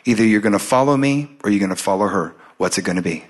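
A male preacher voicing God as a calm, firm father figure who speaks in quiet, measured words. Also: on the low side, pitched below the performer's own voice, close to an everyday voice.

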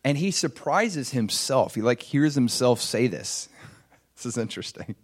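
A male preacher tells a story in a lively, swooping voice of middling pitch. He chuckles as he goes and acts out the quotes, in a relaxed sermon style. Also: normal speed.

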